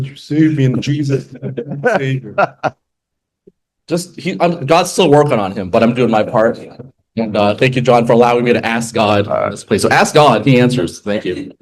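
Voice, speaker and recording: A man's voice: medium pitch, darkish tone. A man sharing a personal testimony at a group meeting, in a mid-range voice. He tells the story casually, acts out the quoted lines, and keeps adding asides.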